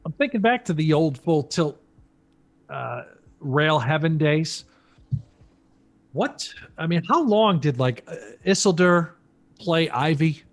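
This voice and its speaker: A man's voice: a little high, animated, takes it slowly, long pauses. A man commentating a live poker stream, chatty and joking, thinking aloud between hands.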